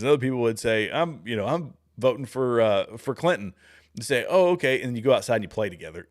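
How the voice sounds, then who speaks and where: A man in his thirties talks through chat comments on his livestream, loosely and conversationally. He wanders into asides and restarts his sentences often. His voice sits at an ordinary middle pitch for a man. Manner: rambling, with frequent restarts and asides. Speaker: livestream host. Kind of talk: casual political commentary reading chat comments.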